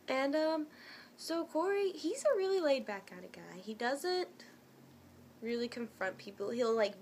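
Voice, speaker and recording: A woman's voice: a little high, slight background noise. A young woman telling a personal story to her viewers in a casual, chatty way. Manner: chatty and animated, many fillers and restarts.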